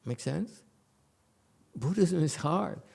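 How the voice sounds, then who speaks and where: A man's voice: on the high side, animated, slow pace, vocal fry, darkish tone. A man giving a blunt, joking dharma lecture as a Buddhist master at a meditation center. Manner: blunt, joking, repeats for emphasis.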